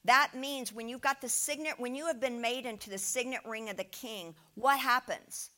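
A woman delivers a sermon in a bright, tense voice pitched a little high. She is animated and emphatic, and she keeps checking in with her listeners through rhetorical questions. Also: normal speed. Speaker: preacher. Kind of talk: sermon with slides.

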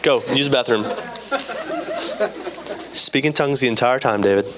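A man's voice: medium pitch, moderate pace, heavy background noise. A young man preaching a sermon in a casual, storytelling way, acting out conversations with friends. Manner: casual storytelling, acts out dialogue.

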